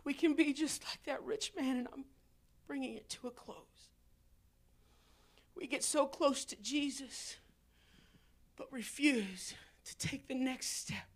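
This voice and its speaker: In a church sanctuary, a woman preacher with a very high voice gives an emotional altar-call sermon. She speaks slowly and deliberately, moving from tearful, near-shouted pleas to hushed whispers.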